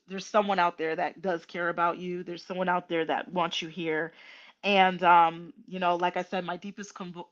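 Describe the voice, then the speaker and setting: Slow, halting woman host, tearful. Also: on the low side, a bit bright, muffled recording. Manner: slow and halting, many ums and restarts; tearful and emotional. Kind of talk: casual heartfelt livestream talk.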